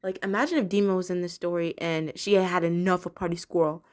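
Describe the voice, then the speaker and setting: A woman's voice: fairly low pitch, fairly even intonation, fast. A young woman casually reviewing a cartoon episode, chatty and giggly, with many fillers and restarts.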